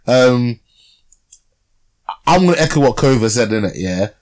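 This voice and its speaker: Here a young podcast co-host talks through a film in casual review chat, leaning heavily on fillers and tag questions. He sounds animated, with a mid-range, darkish voice delivered at a measured pace.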